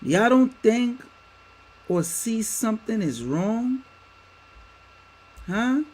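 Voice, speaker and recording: Slow, emphatic man on a livestream. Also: extremely high pitch, sing-song, low-quality recording. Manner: emphatic, rhetorical questions to viewers; addresses viewers as y'all. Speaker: livestream host. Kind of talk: livestream commentary. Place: home setup with a green screen.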